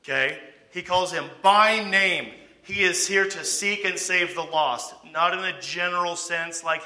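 A man's voice: sits high, a little slow, bright, forceful tone. A man teaching a Bible study in a conversational way, often asking "okay?" and posing rhetorical questions to his listeners.

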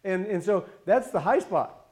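A man leads a Bible study in an easy, talkative way, his voice sitting a little on the higher side. He keeps asking his listeners questions and slips into the voices of the people he quotes. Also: lively intonation, measured pace, a little mellow. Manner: chatty, asks the listeners questions, acts out quotes. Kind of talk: conversational Bible study teaching.

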